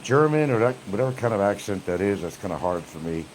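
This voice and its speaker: Man, chatty livestream host, cursing, rambling, animated pitch, light background hiss. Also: fast talker. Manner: profane, laughing along, loose and rambling. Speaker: livestream host reading chat. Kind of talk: casual rambling chat.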